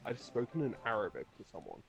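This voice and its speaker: A man with a lowish voice chats offhandedly during a game session and cracks jokes along the way. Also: wildly swooping pitch, fast talker, creaky. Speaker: gaming friend. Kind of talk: casual chat.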